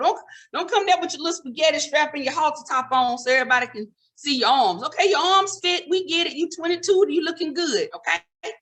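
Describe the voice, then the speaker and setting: A woman's voice: high voice, expressive, a little fast, fairly bright tone. A middle-aged woman doing a stand-up comedy routine, scolding the audience in a sassy, conversational way.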